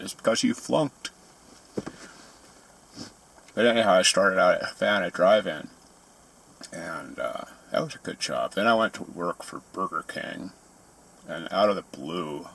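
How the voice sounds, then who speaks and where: A man's voice: low voice, creaky, a bit bright, slightly rough. A man telling grumbling, sarcastic stories in a casual ranting monologue. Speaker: vlogger.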